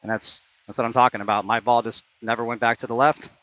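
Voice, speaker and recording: A man's voice: mid-range voice, flat delivery, fast talker, bright, forceful tone, lo-fi sound. A man playing a round of mini golf outdoors, commentating it live and getting frustrated and competitive over bad shots. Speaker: player commentating his own round. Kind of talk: casual play-by-play while playing.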